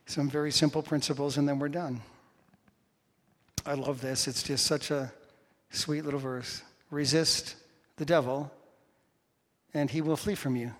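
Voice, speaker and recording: A man preaching a sermon as pastor, chatting with the congregation and building to loud, emphatic bursts. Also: medium pitch. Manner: conversational with the congregation. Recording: long hall reverb.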